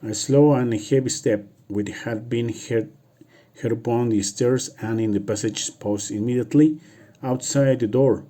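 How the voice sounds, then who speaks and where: Slow, dark-voiced man reading aloud. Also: medium pitch, fairly even intonation. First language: Spanish. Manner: halting, restarts and repeats words. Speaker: reader. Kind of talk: reading a novel aloud for practice.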